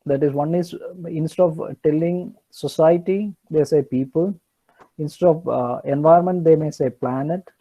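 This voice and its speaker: A man's voice: fairly high pitch, normal speed, mellow, dull audio. A man giving an online engineering lecture, hesitant with many fillers and restarts.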